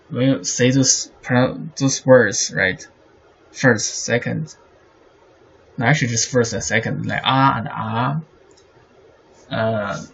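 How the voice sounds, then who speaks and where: A man talks through a lesson at a very slow pace, his voice gravelly at the edges. He stops often, fills gaps with "uh," and keeps checking in with "right?". The recording sounds a little dull, with faint noise behind him. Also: medium pitch. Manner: halting, many fillers, asks "right?" often. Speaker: teacher. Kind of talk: explaining Chinese poetry meter.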